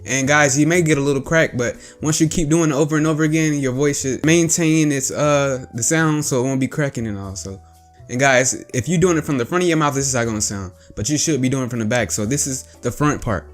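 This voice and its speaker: A man's voice: medium pitch, fairly quick, faint music behind. A man hosting a voice impression tutorial, explaining each step in a casual, repetitive, chatty way. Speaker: voice tutorial host. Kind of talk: casual instructional talk.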